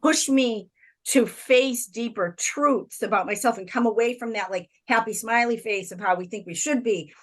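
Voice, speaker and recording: A woman's voice: on the high side, moderate pace. A woman hosting a spiritual interview over a video call, explaining her views with rhetorical questions in a reflective way. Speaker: podcast host. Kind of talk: conversational interview.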